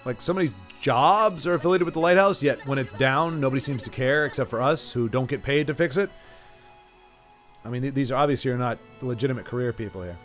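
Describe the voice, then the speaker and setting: A man's voice: mid-range voice, fairly quick, fairly bright tone, faint music behind. A man giving casual, sarcastic commentary while playing a video game. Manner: sarcastic, joking asides. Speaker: let's play streamer.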